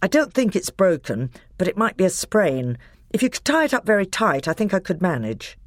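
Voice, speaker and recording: A brave young king, voiced by a woman, clipped and plucky, keeping a stiff upper lip. The voice is pitched above her own. It is recorded dry and close. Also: sing-song, fairly quick, no room sound. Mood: resolute. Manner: clipped, plucky British schoolboy talk.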